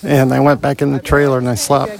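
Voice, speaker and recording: Gravelly middle-aged man, earnest storyteller. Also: mid-range voice, little pitch movement. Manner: earnest, reflective, halting pauses. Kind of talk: personal storytelling.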